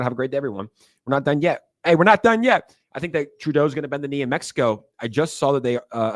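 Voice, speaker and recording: A man hosting a casual livestream chat, joking and animated as he tells stories. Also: mid-range voice, no room sound, clean studio sound. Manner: animated, joking, does voices in anecdotes. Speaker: livestream host.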